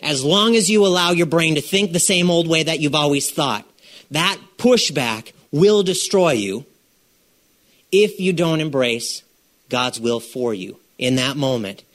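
A man preaching a sermon in a lively, conversational way, asking the congregation questions and repeating phrases for emphasis. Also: on the high side, measured pace.

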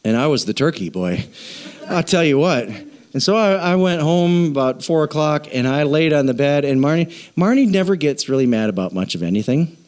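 Middle-aged pastor guy preaching, jokey animated storytelling, kinda high voice. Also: brisk. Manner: storytelling, self-mocking, animated. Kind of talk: sermon.

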